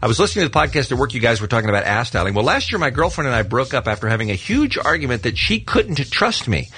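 A man's voice: medium pitch, big pitch swings, fast, sharp tone, husky. A man co-hosting a radio talk show, reading stories with a wry, laughing manner.

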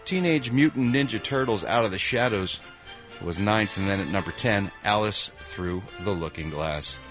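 A man from Philadelphia hosting a morning radio show, reading entertainment news in an animated, jokey way with quick voiced reactions. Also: on the low side, music in the background. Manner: animated, jokey, with quick sound-effect interjections. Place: radio studio.

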